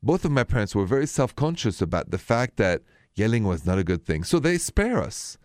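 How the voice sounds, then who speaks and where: A man with a French accent hosting a call-in relationship advice radio show, speaking calmly, slowly and softly. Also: on the low side, no room sound, studio quality. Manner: calm, slow, soft-spoken.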